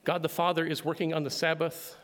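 A man preaching a sermon, building to loud emphatic climaxes. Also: fairly high pitch, little pitch movement, a little fast. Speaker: pastor. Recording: long hall reverb.

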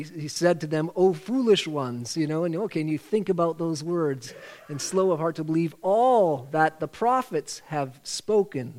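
A man leading a church Bible study, patiently walking the group through memorizing a verse by repeating phrases aloud. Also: fairly high pitch. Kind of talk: church teaching on scripture memory.

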